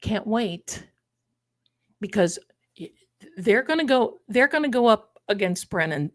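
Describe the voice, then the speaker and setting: Woman, live-stream host, chatty and animated, slow delivery, dry close sound. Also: medium pitch, dry recording. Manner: chatty, animated, addresses viewers as "my loves". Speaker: livestream host. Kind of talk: casual live-stream chat.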